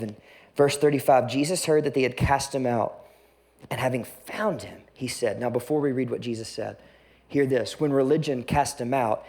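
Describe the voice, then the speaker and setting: Man, pastor, sermon, high-pitched, animated, acts out quotes.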